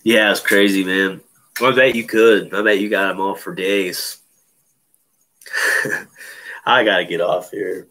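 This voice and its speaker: A man's voice: deep voice, fairly even intonation, unhurried, long pauses, sharp tone. A man telling a personal story in casual chat, loose and profane, full of fillers. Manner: loose, profane, many fillers like "you know".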